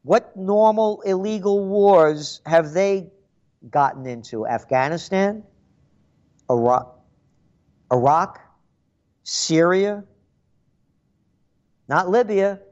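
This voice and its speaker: A man's voice: high voice, lively intonation, slow, pauses often, a little mellow, dull audio. An older man hosting a call-in radio show, rambling and sarcastic, often repeating words. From the Bronx, New York. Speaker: radio talk show host.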